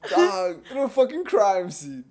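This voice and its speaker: A young man with a slightly high voice, relaxed and profane, spinning a story for his podcast co-hosts. He laughs easily and leans on "like" while he talks, in a loose, chatty way. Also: measured pace, crowd noise. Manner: laid-back, profane, laughs through his story, lots of "like" fillers. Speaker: podcast co-host. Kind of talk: casual storytelling chat.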